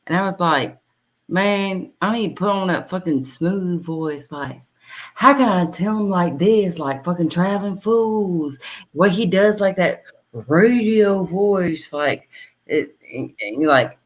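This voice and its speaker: A woman's voice: fairly low pitch, expressive, unhurried, poor audio. Rambling, profane woman streamer. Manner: profane, rambling, laughs often. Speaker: livestream host. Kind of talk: casual livestream chat.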